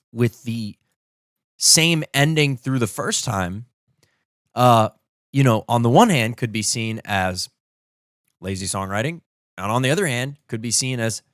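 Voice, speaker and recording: A man explaining how he is composing and arranging a song during a livestream. He thinks aloud with enthusiasm and sings rhythms and melody lines out loud to show his ideas. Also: mid-range voice, no room sound, clean studio sound. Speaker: musician streaming his composing session. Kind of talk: casual explanatory livestream talk.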